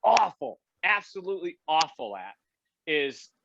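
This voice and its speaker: A man, a game show host and producer, chatting as a podcast guest and telling animated anecdotes. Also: unhurried, creaky, noisy background. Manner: animated anecdote-telling, acts out quotes with big pitch jumps. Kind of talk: casual podcast storytelling. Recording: dull, slightly lo-fi dry podcast audio.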